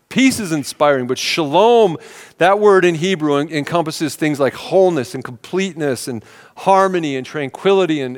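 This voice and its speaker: A man's voice: a little high, long reverb tail. A man preaching a sermon in a church, talking in a conversational, earnest way with many rhetorical questions. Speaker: pastor. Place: church sanctuary.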